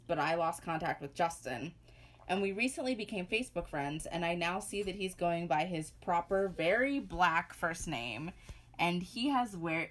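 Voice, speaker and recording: A woman from rural Pennsylvania co-hosting a podcast, telling a personal story in a wry, animated way. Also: lowish voice. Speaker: podcast co-host. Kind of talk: storytelling in casual podcast chat.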